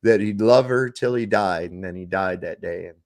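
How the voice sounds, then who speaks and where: A middle-aged man hosting a podcast, telling stories in a profane, animated, casual chat. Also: sits low, moderate pace. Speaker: podcast host.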